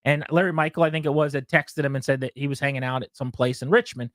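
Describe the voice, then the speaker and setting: A man's voice: mid-range voice, fast, no echo, studio quality. A male sports radio host telling a story in casual talk and acting out what people said. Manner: animated storyteller, acts out quotes with laughs.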